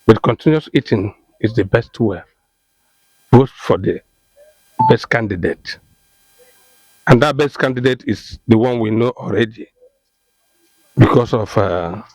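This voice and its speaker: Nigerian man, mid pitch, dry close sound, halting interview answers. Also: darkish tone, dry recording, poor audio. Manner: hesitant, many fillers.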